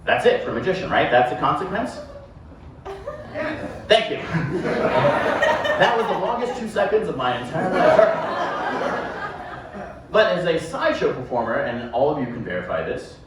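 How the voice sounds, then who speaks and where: Joking sideshow performer in an echoey hall. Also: male voice, on the high side, big pitch swings, moderate pace, long pauses. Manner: joking, self-deprecating, rambling patter. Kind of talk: live stage patter with a volunteer. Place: live show venue with audience. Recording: echoey room, distant mic, background noise.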